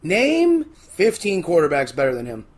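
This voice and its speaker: A man co-hosting a podcast, arguing football contracts in casual, joking chat. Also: on the high side. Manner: animated, argumentative, quick to joke. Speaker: podcast co-host.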